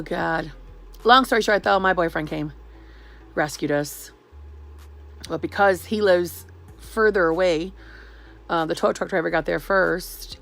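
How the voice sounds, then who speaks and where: Sarcastic woman venting, gravelly low voice. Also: fairly bright tone. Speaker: vlogger. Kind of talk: sarcastic storytelling vlog.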